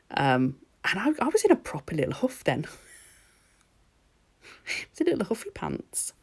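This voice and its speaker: At home, a woman records a chatty, rambling voice-over about her nail art, full of laughs and ums. Her voice is deep and a little mellow.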